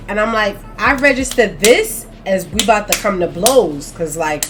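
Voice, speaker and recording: A woman who works as a teacher tells a heated story in casual chat. She talks emphatically, rising loud and then dropping soft. Music plays clearly behind her. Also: on the high side, expressive, normal speed, hardly any pauses. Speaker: podcast co-host.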